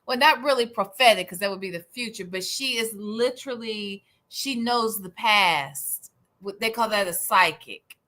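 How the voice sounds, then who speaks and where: A woman's voice: mid-range voice, normal speed, sharp tone. A woman hosting a livestream, giving sarcastic commentary in a teasing, mock-outraged manner. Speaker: livestream host.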